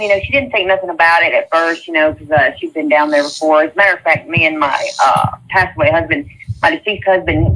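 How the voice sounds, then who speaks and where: A middle-aged woman with a drawl tells a long story in loose, halting bursts, doubling back as she goes. Her voice has a bright, sharp edge. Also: on the low side, a little hiss or hum, rough recording. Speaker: interviewee. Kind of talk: casual spoken recounting.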